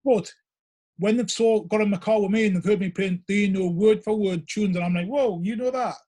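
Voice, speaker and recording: A man's voice: sits high, fairly even intonation, a little fast, mellow. A middle-aged man, chatting casually and telling rambling stories as a guest DJ. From Northeast England. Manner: rambling, storytelling with many fillers. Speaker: guest, vinyl DJ. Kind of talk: casual chat.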